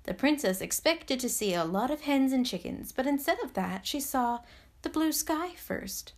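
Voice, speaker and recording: Canadian woman storyteller, podcast host, soft measured narration, voice sits a bit high. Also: lively intonation. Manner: gentle, soothing, measured.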